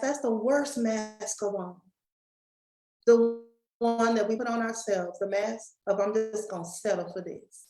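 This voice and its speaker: A woman's voice: on the high side, darkish tone, roomy sound, low-quality recording. A woman giving a folksy motivational talk to a live and online audience, speaking straight to the crowd. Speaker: summit speaker and coach.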